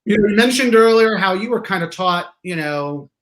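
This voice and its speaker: A man hosting an interview show, warmly prompting his guest to tell stories. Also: sits high, lively intonation, normal speed, background noise. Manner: encouraging, prompts the guest with questions. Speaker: podcast host.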